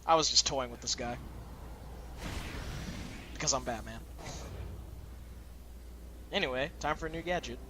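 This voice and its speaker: A man's voice: on the high side, fast talker, few pauses, noisy background. A young man hosting a let's play, chatting casually and laughing often as he plays. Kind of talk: casual gameplay commentary.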